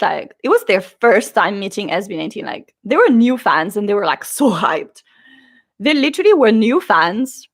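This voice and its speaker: A young woman vlogger casually recounting a concert trip, animated and acting out the people she quotes. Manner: animated, acts out quotes with big pitch jumps. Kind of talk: casual storytelling vlog.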